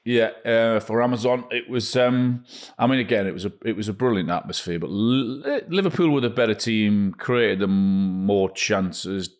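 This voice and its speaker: A man, co-hosting a football podcast and giving plain, measured analysis. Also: lowish voice. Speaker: podcast co-host. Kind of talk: casual football podcast chat.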